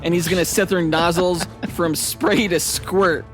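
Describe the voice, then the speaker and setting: A man's voice: sits high, unhurried, soft background music. A man co-hosting a podcast, telling an over-the-top fight scenario playfully and laughing along. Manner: animated, laughing storyteller. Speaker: podcast co-host. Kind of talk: playful comedic debate.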